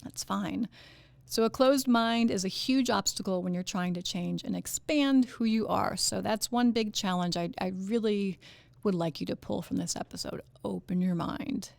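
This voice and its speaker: Her voice sits at a medium pitch and moves at a normal speed, with a gravelly texture and no room sound. She hosts a wellness podcast, chatting animatedly through casual motivational talk, dropping fillers, laughing, and using goofy voices for quotes.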